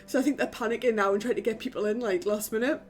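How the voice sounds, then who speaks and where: A young woman from the UK, live-streaming a game from her flat, chatting casually with her viewers and swearing offhandedly. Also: on the high side, quick pace, faint music behind. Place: home in a flat.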